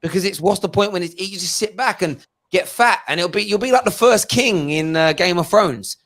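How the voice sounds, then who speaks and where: A man hosting a football fan phone-in, reading viewer messages and launching into passionate rants that build toward shouting. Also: high voice, normal speed. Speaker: phone-in show host. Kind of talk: casual fan phone-in chat.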